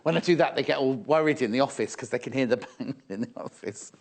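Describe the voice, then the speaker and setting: A man's voice: mid-range voice, quick pace, a little hiss or hum. A middle-aged man presenting a live sewing shopping show in a TV studio, chatting away, fussing aloud over fabrics and reading out viewer messages. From England.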